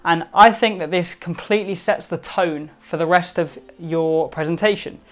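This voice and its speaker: A man giving upbeat instructional tips to camera, emphatic and varying his loudness to stress points. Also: a little high, normal speed. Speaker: presentation skills vlogger.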